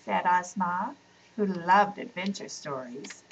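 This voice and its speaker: A woman reading a children's bedtime story aloud in a gentle, soft-spoken way. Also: mid-range voice, expressive, moderate pace, husky, poor audio.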